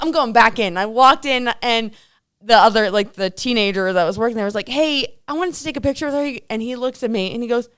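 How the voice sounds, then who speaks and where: A young woman co-hosts a casual live stream, speaking in a smooth, resonant voice over a dry, close sound. She tells stories with animation and slips into the voices of the people she quotes. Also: mid-range voice, dry recording. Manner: animated storyteller acting out quoted dialogue. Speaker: co-host. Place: hotel room.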